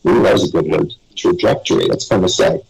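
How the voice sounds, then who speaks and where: Low, gravelly, husky man rambling on. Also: fast, darkish tone, low-quality recording. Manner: rambling, chuckles between stories. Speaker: guest. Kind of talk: casual storytelling on a live web radio show.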